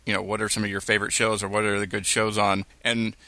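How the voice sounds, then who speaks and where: Male podcast co-host, low and bright, loose rambling delivery, dry close sound. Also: flat delivery, quick pace, no room sound. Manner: rambling, heavy on fillers. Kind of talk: casual chat.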